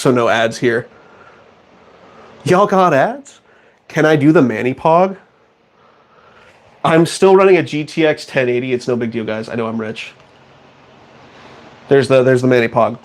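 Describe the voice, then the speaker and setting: A young man chatting casually on a stream, joking and self-mocking as he rambles on. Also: medium pitch. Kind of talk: casual live-stream chat.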